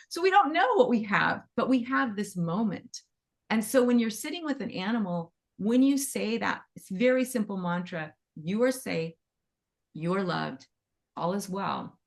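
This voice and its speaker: A woman teaching animal Reiki in a gentle, conversational way, wandering into asides as she talks. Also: mid-range voice. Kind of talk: casual teaching talk.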